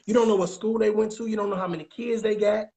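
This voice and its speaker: This relationship coach talks fast in a casual advice setting, hammering his points, repeating phrases, and constantly asking whether you follow. His voice sits high yet has a dark tone, and his delivery stays steady.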